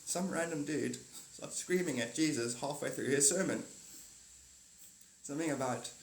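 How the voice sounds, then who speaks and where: A man with a slightly high voice talks in a loose, rambling way on a live stream. He laughs often and keeps breaking into little skits with put-on voices. The sound is roomy and echoey. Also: moderate pace. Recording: roomy echo.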